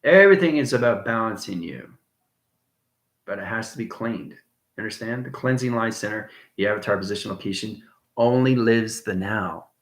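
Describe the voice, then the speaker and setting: A man's voice: lowish voice, animated, normal speed. Rambling man in an echoey room. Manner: rambling, chuckles often, jumps between soft and loud. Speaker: channel host. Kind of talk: rambling spiritual monologue.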